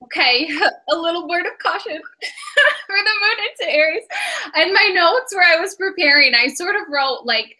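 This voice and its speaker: A woman's voice: very high voice, lively intonation, moderate pace, bright, forceful tone. A woman giving a casual tarot and astrology reading, chatty and often breaking into giggles. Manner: giggly, chatty, many fillers.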